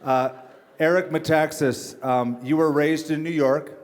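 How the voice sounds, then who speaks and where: Higher-voiced pastor hosting an interview. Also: male voice, steady tone, a little slow, a little hiss or hum. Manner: friendly, teasing interviewer. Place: church stage before an audience.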